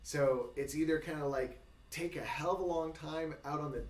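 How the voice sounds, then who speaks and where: A man's voice: a little high, moderate pace. Male game master, loose and rambling, set back from the mic in a roomy space. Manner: rambling, many fillers, laughs often. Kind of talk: narrating a tabletop game. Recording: echoey room, mic far off, faint noise.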